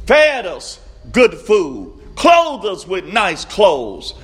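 A man preaching a sermon, slow and emphatic, repeating his refrains and rising to shouts. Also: high-pitched, wildly swooping pitch.

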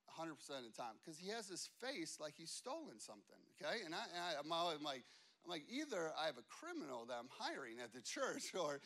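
Man, pastor, humorous storytelling sermon, high voice, bright tone.

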